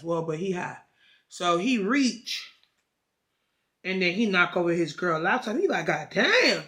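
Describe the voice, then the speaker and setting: A woman's voice: lowish voice, fairly bright tone. A woman vlogger telling a story in a casual, slangy, profane way and chatting about a book. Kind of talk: casual vlog chat and book retelling.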